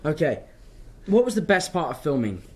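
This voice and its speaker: A young man chats through fan questions in a loose, rambling way, drifting off topic as he tells stories. His voice sits a little higher than most men's. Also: big pitch swings, moderate pace, darkish tone. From London, England. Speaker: actor answering fan questions. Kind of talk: casual livestream Q&A.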